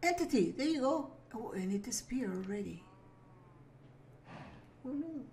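A woman's voice: fairly high pitch, animated, normal speed, creaky, a little mellow, slight background noise. A woman giving casual running commentary while playing a video game, talking to herself and apologizing with little giggles. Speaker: gaming video creator. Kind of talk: casual let's play commentary.

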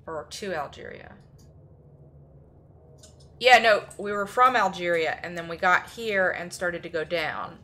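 A woman's voice: fairly low pitch, sharp tone, slight background noise. A woman streaming a horror game live, reading notes aloud and reacting with sudden exclamations.

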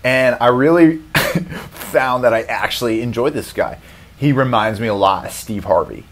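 A man's voice: mid-range voice, normal speed, a bit bright, slight background noise. Profane rambling man on a comedy podcast. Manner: profane, rambling, laughs often. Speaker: podcast host. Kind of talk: casual comedic rant.

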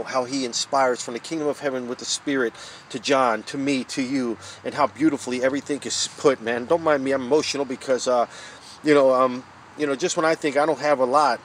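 Fervent man preaching outdoors, faint traffic. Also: medium pitch. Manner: fervent, emotional, drawn-out phrases ending in "man" and "guys". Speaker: street preacher. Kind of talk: informal devotional preaching. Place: outdoors under a tent in an urban area.

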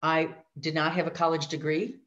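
Animated woman telling her story, lo-fi. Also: low voice, normal speed. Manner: animated storyteller, mimics voices, asides to the audience. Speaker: guest sharing her story. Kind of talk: personal testimony talk. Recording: dull lo-fi audio.

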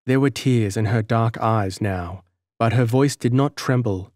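A man's voice: lowish voice, no echo, studio quality. Man narrating a gothic audiobook. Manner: measured, expressive storytelling. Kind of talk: scripted narration.

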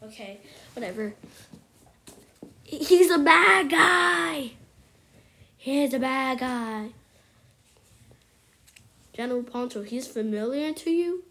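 A woman giving excitable commentary on her gameplay, exclaiming and at times whispering to her viewers. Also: high-pitched, slow, long pauses. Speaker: gameplay streamer.

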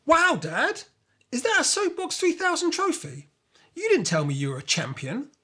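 A man voicing a determined, eager young girl in a storybook reading, lifting his voice high and excited. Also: a little fast, breathy edge, heavily acted. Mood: amazed. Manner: excited, high-pitched girlish delivery.

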